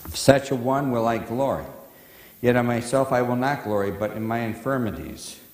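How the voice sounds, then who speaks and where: Male pastor, mid pitch, conversational sermon, roomy church reverb. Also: normal speed, darkish tone. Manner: conversational, quizzes the congregation. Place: church sanctuary. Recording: echoey church hall.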